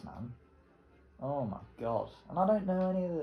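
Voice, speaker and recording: A man's voice: a little high, very animated, normal speed, creaky, pauses often, mellow, reverberant. A young man, rambling casually and swearing as he comments while playing a racing game. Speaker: gaming video creator.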